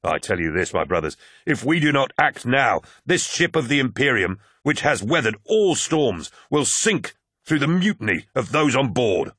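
A man's voice: mid-range voice, very animated, normal speed, a bit bright, breathy edge, dry recording, studio quality, voice pushed up. A man reading an audiobook, voicing a zealous male warrior who rails against betrayal in an impassioned, declaiming way. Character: zealous male warrior-orator, fervent and indignant. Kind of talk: audiobook character voice.

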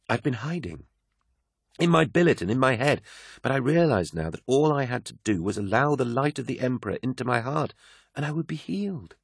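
Man doing a devout woman, fervent, preaching, raised pitch, audiobook. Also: husky, no room sound, clean studio sound. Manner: earnest, preaching. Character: fervent devout young woman, turns hostile.

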